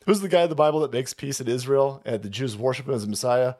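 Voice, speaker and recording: A man hosts a livestream, launching into a foul-mouthed, mocking political rant and frequently cracking up with laughter. His voice sits in the mid range, a bit mellow, and he talks fast.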